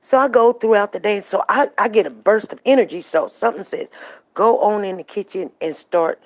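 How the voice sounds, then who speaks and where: A woman's voice: medium pitch, brisk. A middle-aged woman hosting a live show, chatting casually and telling stories straight to her viewers. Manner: chatty, storytelling, addresses viewers directly.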